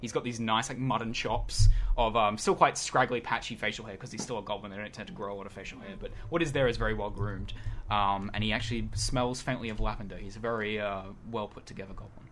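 A man's voice: on the low side, fairly even intonation, fast talker, fairly bright tone, slight background noise. A man narrating a tabletop game as game master over a voice call, in loose, chatty sentences with fillers.

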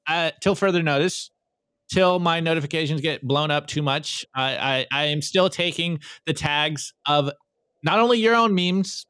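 A man hosting a podcast, reviewing memes in casual, energetic chat and often repeating words as he starts sentences. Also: on the high side, moderate pace, clear, resonant tone, dry recording, studio quality. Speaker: podcast host.

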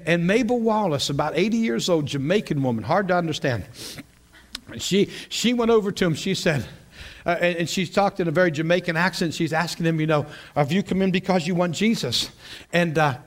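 Pastor, male, high voice, lively storytelling sermon. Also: a little fast. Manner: animated storytelling with frequent laughs and repeated words. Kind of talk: sermon, teaching a class.

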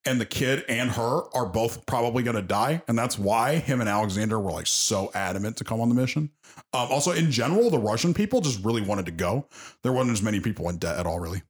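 A man's voice: medium pitch, quick pace. Brief: young male podcaster, casual, swears freely while he retells a story. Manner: animated retelling with acted quotes, swears freely. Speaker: presenter of an anime.

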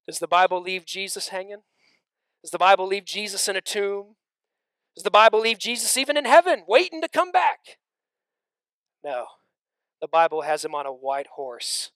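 A man preaching a sermon, swinging between loud emphatic stretches and hushed near-whispers, with conversational asides to the congregation. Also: a little high, no echo.

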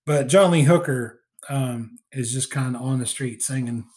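A man talking through a movie in a loose, rambling way, leaning on fillers and restarts as he goes. His pitch sits in the middle for a man, and he sounds relaxed and conversational, like a podcast co-host chatting with a friend. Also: normal speed. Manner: rambling recap with many fillers. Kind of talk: casual film discussion.

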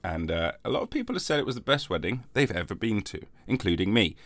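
Deep-voiced man joking through a cough. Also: big pitch swings, fast talker, no echo, studio quality. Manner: joking, rambling, mock-defensive. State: lingering cough after covid. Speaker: podcast host. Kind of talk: comic solo podcast monologue.

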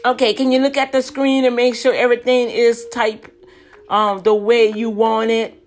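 A woman's voice: a little high, flat delivery, moderate pace, soft background music, voice pushed up, close to an everyday voice. A woman voicing a curt, unfriendly female clerk who speaks in a clipped, formal way.

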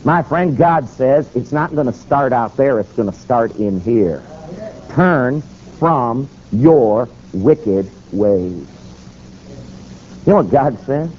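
A man preaching a sermon, telling a story and quoting scripture, with sharp rises and drops. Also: mid-range voice, expressive, normal speed, hardly any pauses, highs cut off, a little hiss or hum.

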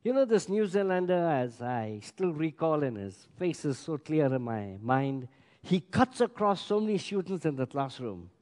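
High-voiced preacher in a reverberant hall. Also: male voice, big pitch swings, normal speed. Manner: emphatic preaching with sudden loud and quiet swings. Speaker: pastor. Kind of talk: sermon. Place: large church hall. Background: congregation.

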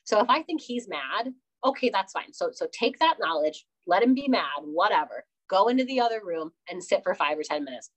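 A young woman talks casually as an interview guest, with a mid-range voice. She is animated and laughs often. She acts out little dialogues as she goes. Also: mid-range voice, brisk, rough recording.

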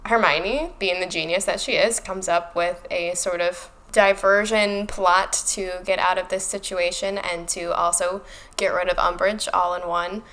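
A woman co-hosting a casual book podcast, recapping chapters in an animated, sarcastic way with frequent laughs. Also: lowish voice, unhurried. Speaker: podcast co-host.

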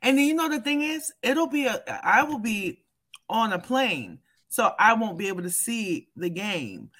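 High lively woman, loud laughy football banter, swears a lot. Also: measured pace. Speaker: podcast co-host. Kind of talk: casual sports chat.

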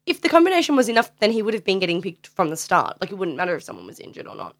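A woman's voice: medium pitch, huge pitch swings, very fast. A young Australian woman co-hosting a casual sports chat, making her case with lots of likes and laughing easily. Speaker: podcast co-host. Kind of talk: casual chat about rugby league.

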